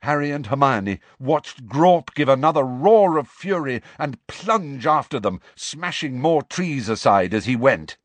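A man narrates a story in a measured, dramatic way, taking his time over each phrase. His pitch swings widely to paint the action. The recording is close and dry, with no room echo. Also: animated. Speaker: audiobook narrator. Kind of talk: scripted narration.

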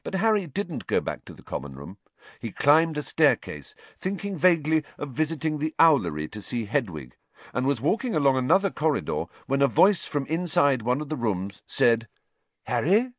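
A man narrating an audiobook in an expressive storytelling manner. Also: mid-range voice, normal speed, dry recording. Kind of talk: scripted narration.

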